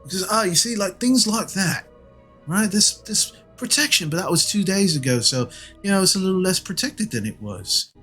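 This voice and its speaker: A man's voice: high voice, lively intonation, moderate pace, sharp tone, slightly rough, faint music behind, pitched above the performer's own voice, heavily acted. A man playing a smug, sneering corrupt guard. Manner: sneering, threatening, mock-polite. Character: smug corrupt male city guard running an extortion racket.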